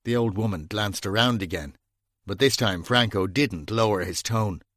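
Male narrator for a crime audiobook: middle voice, steady pacing, dry close mic. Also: fairly low pitch, no room sound. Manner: even, measured storytelling. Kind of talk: scripted narration.

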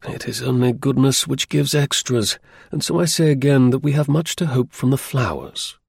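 A man's voice: mid-range voice, vocal fry, a little mellow, breathy edge, dry recording, voice pushed up. Man reading as a cool, lecturing detective. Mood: measured. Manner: measured, explaining, a little dry. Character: sharp, aloof male detective, calm and lecturing.

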